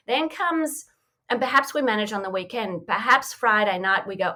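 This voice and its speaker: A woman's voice: a little high, lively intonation, moderate pace, bright, forceful tone. Reflective woman coach in conversation. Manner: reflective, acts out inner voices in quotes, frequent "you know". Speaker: mindfulness coach, podcast guest. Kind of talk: conversational interview answer.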